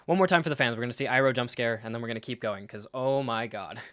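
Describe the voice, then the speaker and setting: A man hosting a live reaction stream, talking in an animated, sarcastic way, swearing freely and acting out scenes. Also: mid-range voice, fast talker, no room sound, clean studio sound. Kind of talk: casual live reaction commentary.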